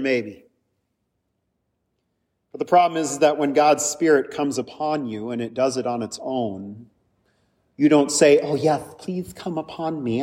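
A man's voice: on the high side, darkish tone. Man preaching casually in a reverberant church. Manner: conversational, jokey, with many restarts. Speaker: pastor. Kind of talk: sermon. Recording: hall reverb.

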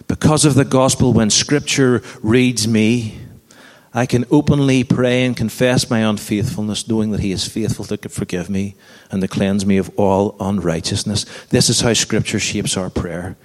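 A man's voice: fairly low pitch, fairly even intonation, moderate pace. A man in his thirties preaching a sermon in an earnest, conversational way, with self-deprecating stories. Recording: long hall reverb.

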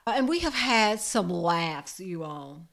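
A woman caregiver telling a personal story to an audience in a lively, expressive way. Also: on the low side, slow pace, vocal fry. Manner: expressive, lively storyteller who builds to laughter. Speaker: home caregiver.

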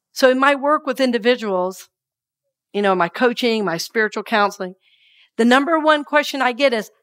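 A woman minister delivering a sermon, moving between hushed scripture reading and lively call-and-response affirmations with her congregation. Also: on the high side.

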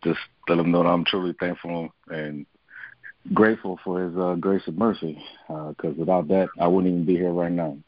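A man giving an earnest, halting personal testimony on a family prayer line. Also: low-pitched, fairly even intonation, dry recording, dull audio.

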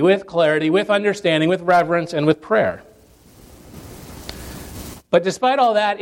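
Earnest male preacher, slightly high voice. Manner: earnest, emphatic lists and repetitions. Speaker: pastor. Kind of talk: sermon.

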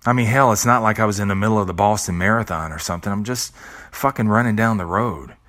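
A man's voice: on the low side, fast, fairly bright tone. A middle-aged man hosting a podcast, speaking an earnest, reflective monologue with casual swearing and restarts. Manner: earnest, with blunt casual swearing and repeated words. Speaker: podcast host.

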